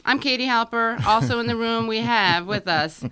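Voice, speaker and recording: Woman, radio host, effusive, casual studio chat, bright, smooth voice. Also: fairly high pitch, normal speed. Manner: effusive, chatty.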